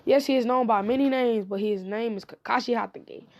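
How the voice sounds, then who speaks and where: A woman's voice: on the high side, fairly quick. A woman casually retelling a fan story about ninjas in a rambling way, on a dull lo-fi recording. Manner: rambling, repeats "he would say".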